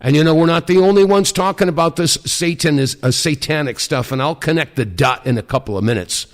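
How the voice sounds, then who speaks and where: Emphatic middle-aged talk radio host. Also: male voice, fairly high pitch. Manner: emphatic, deliberate, with many fillers.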